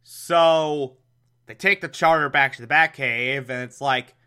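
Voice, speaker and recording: A man's voice: mid-range voice, unhurried, pushed and bright, clear, resonant tone. A man giving a sarcastic, exasperated recap of an old TV episode, mocking it and laughing at it. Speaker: show recapper.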